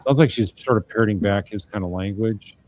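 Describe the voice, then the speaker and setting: A man's voice: lowish voice, fairly quick, a little mellow. A man commenting as an attorney on trial evidence, talking in a casual, wry, conversational way as he reads out messages and reacts.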